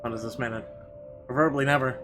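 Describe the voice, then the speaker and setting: A man at a middle pitch reading a horror game's narration aloud for viewers, expressive and measured in the story parts. Game music runs faintly behind him. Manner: expressive reading, bursts into profane yelling rants. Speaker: let's player.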